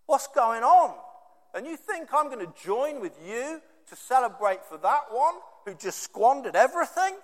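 A resentful older brother in a sermon, complaining with emphatic indignation, as a preacher puts him on. The voice sits high for a man and rings out in a hall with a long reverb. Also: big pitch swings, moderate pace. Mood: indignant.

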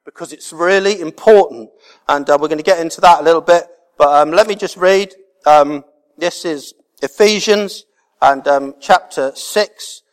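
A man's voice: a little high, normal speed. A man preaching a sermon as pastor, earnest and repeating key words for emphasis. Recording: reverberant hall.

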